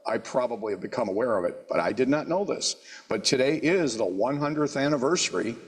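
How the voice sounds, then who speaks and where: A man leading a church service, making wry jokes and halting on fillers. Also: medium pitch, breathy edge. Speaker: service leader. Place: church sanctuary. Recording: long reverb of a church hall.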